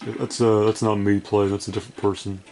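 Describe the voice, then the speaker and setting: Brisk and warm, his fairly low voice holds a level tone as this sleep-starved gaming creator talks through his play session. The commentary is casual, rambling, profane and hard on himself, with slight background noise.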